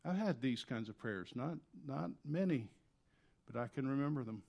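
A man preaching a sermon as pastor, earnest and conversational, dropping quiet and then rising loud when he voices desperate prayers. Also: medium pitch, expressive, normal speed, gravelly, muffled recording. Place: church.

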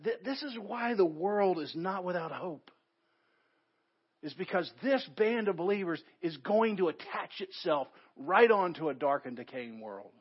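A man's voice: sits high, lively intonation, measured pace, husky, muffled recording. A man preaching a sermon as pastor, building emphasis through repeated phrases.

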